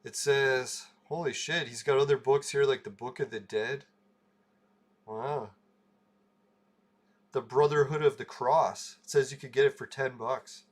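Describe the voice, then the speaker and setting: A man's voice: medium pitch, measured pace, pauses often. A man hosting a casual livestream, telling a rambling story, laughing and swearing freely. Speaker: livestream host.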